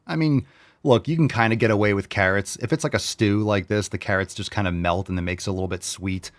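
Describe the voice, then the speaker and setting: A brash, profane man in his forties from New York hosts a casual fitness show. His voice sits on the low side, and he riffs loudly on viewer meals, cutting in with sound effects. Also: fast. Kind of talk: casual chat reading viewer posts.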